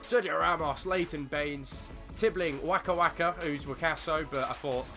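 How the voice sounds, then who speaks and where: A man's voice: fairly high pitch, moderate pace, pushed and bright, faint music behind. A man hosting a football management game video, rambling and joking between lineup talk and swearing freely. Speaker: gaming channel host. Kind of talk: casual let's-play commentary.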